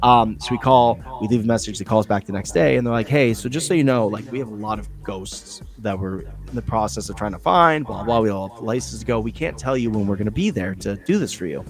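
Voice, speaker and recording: A man co-hosting a podcast, telling a story in a rambling, profane, animated way, from New England. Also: lowish voice, a little fast, hardly any pauses, soft background music. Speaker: podcast co-host. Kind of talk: casual storytelling chat.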